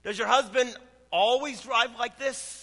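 A man's voice: extremely high pitch, unhurried, bright, forceful tone, long reverb tail, voice pushed up, full character voice. A man voicing a courteous police officer who speaks formally. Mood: polite.

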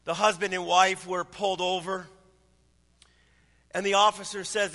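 Man in his 30s, pastor, sermon, conversational storytelling, high bright voice, long hall reverb. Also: flat delivery, unhurried, long pauses.

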